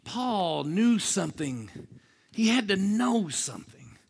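A man preaching an energetic sermon, joking with the crowd and swinging between low asides and shouted exclamations. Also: slow pace, creaky, husky. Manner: jokey, asks the crowd for responses.

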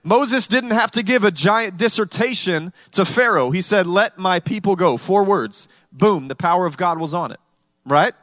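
High-voiced man preaching a sermon. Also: moderate pace, a bit bright, no echo. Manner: conversational preaching with humorous storytelling. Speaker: pastor.

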